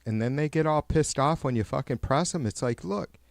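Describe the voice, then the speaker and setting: A man hosting a livestream, ranting with heavy swearing and sarcasm, rambling and getting louder when worked up. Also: medium pitch, fairly quick, vocal fry, dry recording, studio quality. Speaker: livestream host. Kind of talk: profane political rant.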